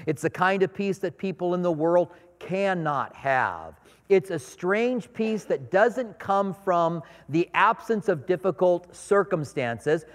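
A middle-aged man preaching a sermon in a conversational, storytelling way, acting out little scenes in his anecdotes. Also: sits high. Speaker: pastor. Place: church sanctuary. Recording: long reverb of a large hall.

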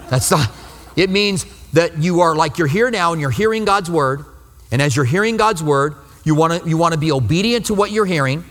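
Male pastor, slightly high voice, earnest teaching sermon, reverberant sanctuary sound. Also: a bit bright. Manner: earnest, explanatory, repeats phrases for emphasis. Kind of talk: expository Bible teaching sermon. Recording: long reverb of a hall.

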